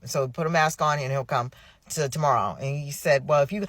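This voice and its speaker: A middle-aged woman caregiver venting in an exasperated, rushed way, often restarting her sentences. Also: low-pitched, no room sound. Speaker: family caregiver. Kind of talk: emotional personal venting.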